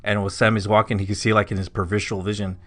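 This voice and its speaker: A man's voice: fairly low pitch, flat delivery, racing. A man casually telling a spooky story on a podcast, rambling with lots of filler words. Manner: rambling, full of "like" and "you know". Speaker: podcast co-host.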